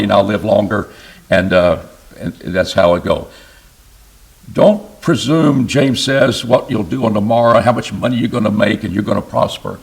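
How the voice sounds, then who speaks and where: A man with a gravelly, rather low voice gives a Bible lesson in church. He speaks slowly and with emphasis, stopping to ask his listeners questions. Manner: slow, emphatic, asks the class questions. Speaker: preacher. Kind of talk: sermon, Bible class teaching. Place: church classroom.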